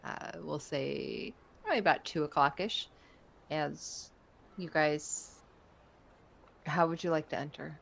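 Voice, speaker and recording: A woman narrating a tabletop game as game master in a relaxed, unhurried way. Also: low-pitched, creaky, slight background noise.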